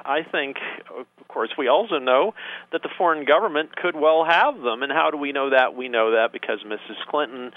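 A man speaking as a guest commentator on a talk radio show, sarcastic and emphatic, piling up words for effect. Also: medium pitch. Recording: tinny phone line.

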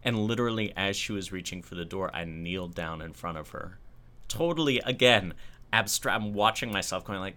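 A man with a very deep voice tells a story from his own life in casual conversation. His tone is bright and forceful, and he retells things in an animated, self-mocking way. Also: brisk.

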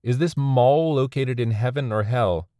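A man's voice: mid-range voice, measured pace, dark tone, dry recording, clean studio sound, lightly acted. A man voicing a bewildered newly dead man. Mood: baffled. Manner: demanding, incredulous questions.

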